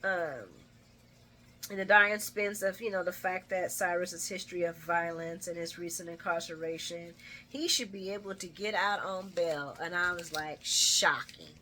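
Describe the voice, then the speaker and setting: A woman's voice: fairly low pitch, steady tone, normal speed, pushed and bright, a little hiss or hum. A woman hosting a casual soap opera recap, chatty and familiar, retelling scenes and laughing along as she acts out the dialogue. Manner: addresses listeners familiarly. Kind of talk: casual daily show recap.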